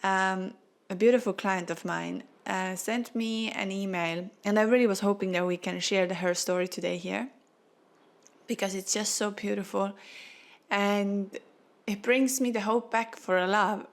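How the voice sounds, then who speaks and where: Close to crying, a spiritual podcast host talks earnestly and from the heart using non-native phrasing. Her medium-pitched voice stays steady, and she speaks at a measured pace.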